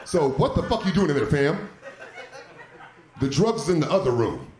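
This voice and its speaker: A man in his thirties tells a profane stand-up story to a live crowd, his pitch leaping around as he acts out the scenes. His voice sits a little high for a man. The stage mic picks up a roomy club echo. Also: sing-song, normal speed, darkish tone. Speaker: stand-up comedian. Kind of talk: stand-up comedy set.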